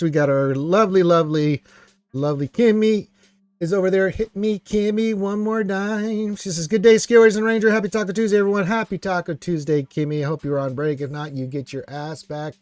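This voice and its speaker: A man's voice: a little high, darkish tone, no echo. A man hosting a casual live stream, greeting viewers and reading chat aloud in a rambling, playful way. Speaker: livestream host.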